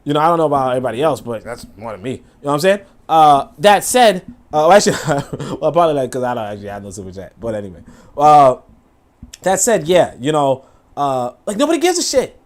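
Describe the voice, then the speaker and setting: A man hosting a casual livestream, reacting to a video and chat with profane, animated talk, laughing asides and lots of fillers. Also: fairly high pitch, fast talker.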